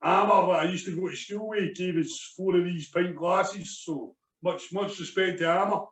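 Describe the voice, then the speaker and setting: A Scottish man chatting casually as a podcast co-host, circling back over the same phrase. His voice sits a little high for a man. He is set back from the mic in a roomy, echoing space. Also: normal speed, recorded from a distance. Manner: chatty, repeats himself, restarts phrases. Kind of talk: casual beer review chat.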